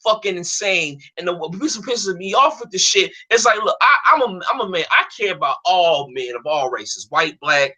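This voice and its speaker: A man's voice: high voice, animated, normal speed, few pauses, pushed and bright. A young American man on a stream, ranting heatedly with lots of profanity and many restarts and repeated words. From United States. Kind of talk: angry ranting monologue.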